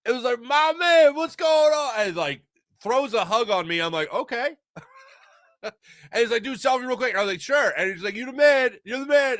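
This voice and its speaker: A middle-aged man from Philadelphia hosting a casual sports talk show, telling animated stories and acting out voices. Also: fairly high pitch, no room sound, clean studio sound. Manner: animated storytelling, acts out voices.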